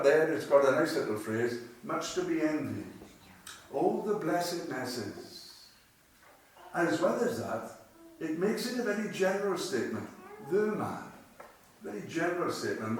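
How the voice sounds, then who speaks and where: A man preaching in a chapel, his voice sitting a little high and carrying with heavy echo from a distant mic. He talks conversationally but with emphasis, repeating phrases and asking rhetorical questions over a faint hiss. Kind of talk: sermon. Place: cemetery chapel.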